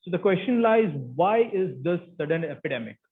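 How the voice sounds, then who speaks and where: A man's voice: high voice, lively intonation, a little fast. A man with an Indian English accent giving an academic lecture as guest speaker, explaining steadily with frequent fillers. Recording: tinny phone-like line.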